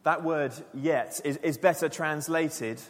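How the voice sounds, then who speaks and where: A man preaching a sermon to his church, earnest and emphatic, dropping his voice low and quiet for key lines. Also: slow pace. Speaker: pastor. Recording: long church reverb.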